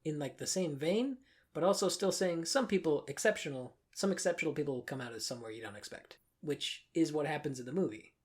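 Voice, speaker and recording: A woman's voice: sits low, animated, fairly quick, darkish tone, slightly rough. A young woman co-hosting a podcast in casual chat, talking with lots of fillers and laughing often. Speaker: podcast co-host.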